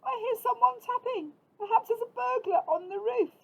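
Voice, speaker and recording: A woman voicing a frightened little boy mouse in a storybook, calling out high and anxious. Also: moderate pace, gravelly, poor audio. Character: frightened small young male mouse.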